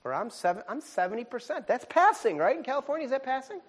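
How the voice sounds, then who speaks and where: A man with a high voice preaches a sermon. He is animated and self-deprecating, dropping to quiet asides and then jumping to shouted exclamations. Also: quick pace, husky. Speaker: pastor.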